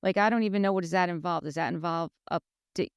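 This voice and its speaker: Podcast co-host, woman, smooth clear tone, chatty storyteller, dry close mic. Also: fairly low pitch, quick pace, no echo. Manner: chatty, retells scenes by quoting others in lively voices. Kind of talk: casual chat recapping a reality show.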